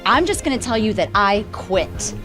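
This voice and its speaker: Actress doing a fed-up woman employee, blunt, indignant, animated pitch. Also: normal speed, faint music behind. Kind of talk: improvised comedy scene.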